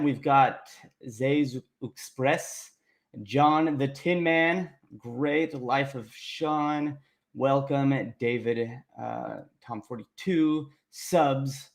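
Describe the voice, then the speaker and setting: An upbeat young man hosts a casual livestream, chatting with viewers and reading out their names. He speaks at an average pitch in an easygoing, friendly coding-instructor manner.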